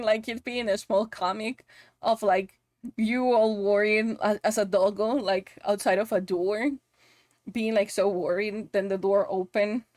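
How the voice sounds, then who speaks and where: A woman's voice: medium pitch, dry recording, studio quality. A woman with a Spanish accent chatting casually on a live stream while she works, giggly and swearing playfully. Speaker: VTuber streamer and model rigger.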